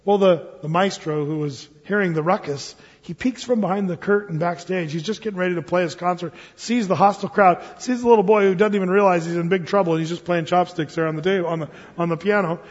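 A man preaching a sermon as pastor, telling stories in an animated way and acting out the voices of the people in them. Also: high-pitched, fast talker, hardly any pauses. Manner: animated storytelling, acts out voices. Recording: muffled sound with long hall reverb.

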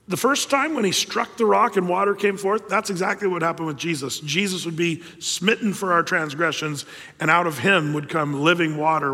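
High-voiced preacher in a reverberant hall. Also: male voice, slightly rough. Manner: animated storytelling, acting out biblical figures. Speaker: pastor. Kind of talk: sermon.

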